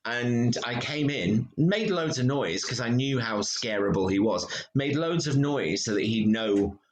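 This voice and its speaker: A British man swaps backstage stories in a relaxed chat, his voice leaping up and down as he acts out other people's lines. He sits at a mid pitch and talks in a loose, playful way. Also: measured pace. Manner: animated storyteller, acts out quotes with big pitch jumps. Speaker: guest, theatre actor. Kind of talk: casual chat.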